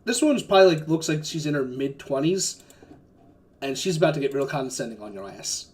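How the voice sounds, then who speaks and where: A man's voice: fairly high pitch, expressive, a little fast. A man running a tabletop game as game master, narrating casually with lots of fillers and swearing. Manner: rambling, filler-heavy, casual cursing.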